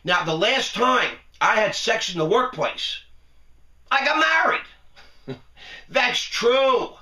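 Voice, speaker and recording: A man's voice: high-pitched, lively intonation, slow pace, pushed and bright, reverberant, distant mic. A middle-aged man hosting his own show, talking to camera in a boastful, joking way and laughing at his own lines. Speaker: online show host. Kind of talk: casual monologue to camera. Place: television studio.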